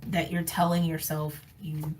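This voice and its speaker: A woman's voice: sits low, little pitch movement, unhurried, darkish tone, recorded from a distance, slight background noise, rough recording. A woman giving a casual tarot card reading, candid and emphatic, often laughing and repeating phrases for emphasis. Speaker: tarot reader. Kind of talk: casual intuitive reading to camera.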